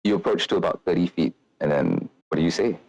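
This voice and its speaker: A man's voice: low voice, quick pace, darkish tone, lo-fi sound. A man narrating as game master of a tabletop game, describing scenes in a rambling way with many fillers.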